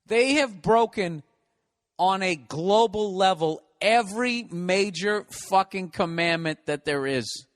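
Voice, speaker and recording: Guy comedian ranting and swearing a lot, kinda high voice, fed up. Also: lively intonation, takes it slowly, a bit bright. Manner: profane, exasperated ranting. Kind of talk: comedic rant.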